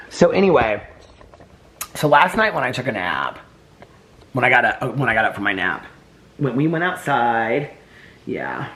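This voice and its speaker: Man vlogging from home, cooing baby talk to his dogs, loose rambling asides, very animated voice. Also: mid-range voice, normal speed, pauses often. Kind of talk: casual daily vlog. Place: home, indoors.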